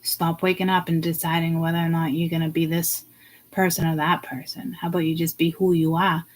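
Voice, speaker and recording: A woman vlogger ranting to her viewers, blunt and profane, swinging from hushed asides to loud outbursts. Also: low-pitched, little pitch movement, fairly quick, low-quality recording. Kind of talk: ranting to camera.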